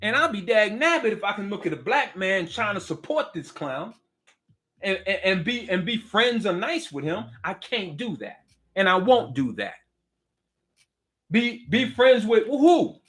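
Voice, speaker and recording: A man's voice: high voice, big pitch swings, moderate pace, bright, forceful tone. A middle-aged man, delivering a heated political rant. He preaches with fire, repeats himself and throws direct questions at the listener. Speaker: political commentator.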